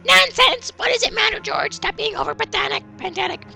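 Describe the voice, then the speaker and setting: A man in a high falsetto voicing a fussy upper-class mother who scolds her family. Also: a little fast, vocal fry, pushed and bright, faint music behind, full character voice. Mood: scolding. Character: shrill fussy upper-class mother, middle-aged woman.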